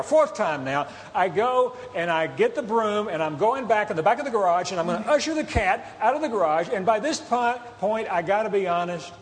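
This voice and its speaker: High-voiced preacher telling a story. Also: male voice. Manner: animated storyteller, acts out meows and shouts. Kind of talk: storytelling sermon. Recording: hall reverb with faint ambience.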